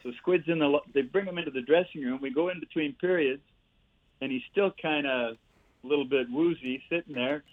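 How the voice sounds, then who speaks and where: An older man, a former hockey player and coach, telling lively stories as a podcast guest over a remote line. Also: fairly high pitch, a little fast. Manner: lively storyteller, chuckles through punchlines. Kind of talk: casual anecdote-telling. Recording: tinny phone line, dry.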